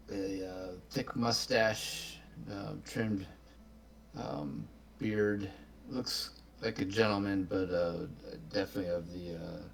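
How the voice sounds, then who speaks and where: A man describing his character as a tabletop game player, unhurried and filler-heavy. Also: sits low, vocal fry.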